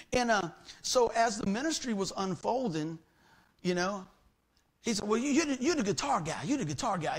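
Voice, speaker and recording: A middle-aged man preaching a sermon in a church as pastor, telling stories with humor and acting out the voices in them. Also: high-pitched. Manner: folksy storytelling, acts out quoted voices, jokes with congregation.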